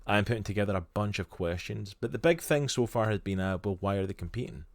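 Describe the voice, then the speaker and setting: A Scottish man with a very deep voice co-hosts a live stream in casual chat. He talks in an eager, rambling way, and the sound is close and dry. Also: fast, no echo. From Scotland. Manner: chatty and enthusiastic, with lots of "literally" and "like". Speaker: stream co-host.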